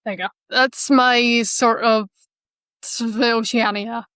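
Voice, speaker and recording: Woman, podcast co-host, racing chat, blunt, sarcastic, sweary, slightly high voice, dry close sound. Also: steady tone, slow pace, a bit bright, smooth, no room sound. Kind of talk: casual motorsport chat.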